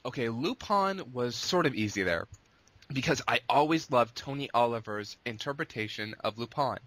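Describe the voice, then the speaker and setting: Male interview guest, casual and rambling, with a bright, forceful tone. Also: medium pitch, lively intonation, normal speed, no room sound. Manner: long-winded, rambling with restarts. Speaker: guest, abridged series creator.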